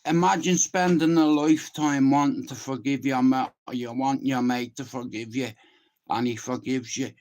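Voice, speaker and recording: A man's voice: mid-range voice, fairly even intonation, moderate pace, darkish tone. An Irish man around fifty, a channel host, talks in a casual, emphatic monologue, swearing freely and often checking that the listener understands.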